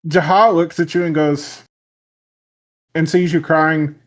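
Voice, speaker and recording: A man narrating a tabletop game as game master, relaxed with frequent fillers. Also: on the high side, slow, long pauses.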